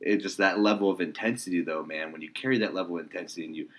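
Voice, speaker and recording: A very low-voiced man guesting on a casual podcast. He talks quickly, and his stories are boisterous and full of swearing. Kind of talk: casual chat.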